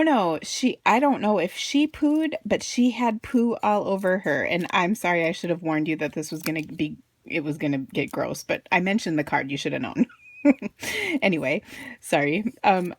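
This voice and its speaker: A card-making crafter and blogger in her thirties chats casually while making a greeting card, telling a funny family story and laughing often. Her voice is on the low side at a moderate pace.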